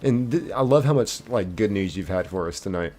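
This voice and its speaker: A man's voice: fairly low pitch, animated, brisk, a little mellow, faint music behind. A man streaming a game live, chatting casually and reading viewer comments aloud.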